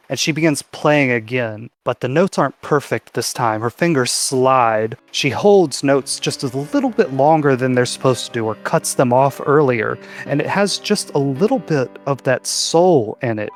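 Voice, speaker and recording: A man's voice: mid-range voice, measured pace, no echo. A man narrating vividly as game master of a tabletop game. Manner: vivid descriptive storytelling.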